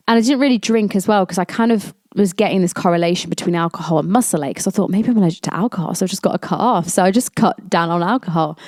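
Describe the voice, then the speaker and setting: A woman's voice: medium pitch, darkish tone, no room sound, clean studio sound. A woman, hosting a podcast and candidly telling a personal story in a chatty way, acting out the lines of the people in it. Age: 20s. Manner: candid and chatty, acts out quoted dialogue. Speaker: podcast host.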